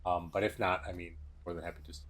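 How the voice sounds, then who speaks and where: A male game master narrates the scene in a loose, descriptive way, his voice low and deep. A faint hiss of noise sits behind him. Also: little pitch movement, quick pace, fairly bright tone.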